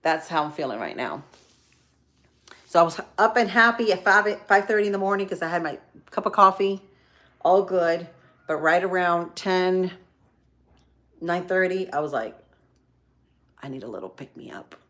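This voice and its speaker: A tired middle-aged woman chats casually with her live-stream viewers while she cooks, folksy and full of ums and y'alls. Her voice sits on the low side with a fairly bright tone, moving at normal speed with frequent pauses.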